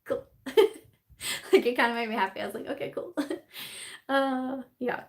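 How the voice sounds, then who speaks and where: A woman's voice: sits high, fairly even intonation, moderate pace, gravelly. A young woman hosting a casual live-stream chat, bubbly and giggly, full of fillers and laughter as she reads viewer comments.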